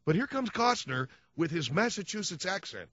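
A male radio talk host rants sarcastically through a comic monologue, his pitch swinging all over the place. The sound is dry and a bit dull, with no room around it. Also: sing-song, normal speed, fairly bright tone, dry recording. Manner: ranting, sarcastic.

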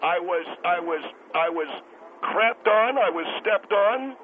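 A man's voice: high voice, animated, slow. A man playing a bitter, self-important restaurant owner calling into a talk show, stammering and indignant. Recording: tinny phone line with hiss.

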